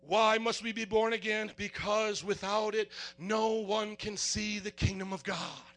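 Before a congregation in church, a high-voiced pastor preaches an energetic sermon. He is animated and comic, acting out little scenes and raising his voice to a shout.

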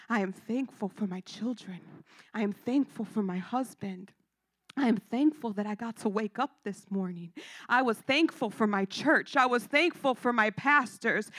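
A woman giving a sermon testimony, swinging from a hushed near-whisper to loud, emphatic preaching with lots of repetition. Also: on the high side, moderate pace, no echo, clean studio sound. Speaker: church speaker giving testimony.

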